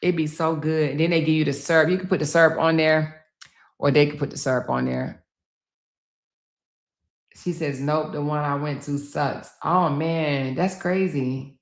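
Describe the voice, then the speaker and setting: A middle-aged woman chats through a casual livestream from home, exclamatory and talking straight to her viewers. Her voice sits a little low, and the room rings around her. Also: fairly even intonation, moderate pace. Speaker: livestream host. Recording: roomy echo.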